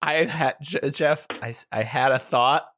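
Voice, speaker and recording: A man's voice: medium pitch, unhurried, fairly bright tone, slight background noise. A man who is a guest player in a tabletop role-play podcast, talking in a playful, casual way and swearing now and then.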